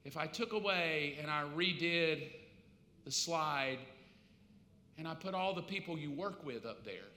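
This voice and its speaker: Preacher in an echoey hall. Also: male voice, fairly high pitch, animated, unhurried. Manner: swings from quiet storytelling to loud acted pleading. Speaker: pastor. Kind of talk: sermon.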